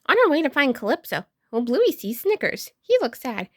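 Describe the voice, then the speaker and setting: Woman reading a kids' storybook out loud, high voice, super lively ups and downs. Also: moderate pace, few pauses, dry recording, studio quality. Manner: expressive read-aloud narration. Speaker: storybook reader. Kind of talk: reading a children's storybook aloud.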